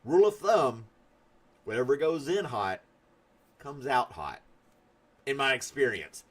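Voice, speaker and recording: A man's voice: mid-range voice, sing-song, unhurried. A man hosting a casual live stream, chatting loosely and reading viewer comments as he rambles. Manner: rambling, chatty, laughs at his own stories.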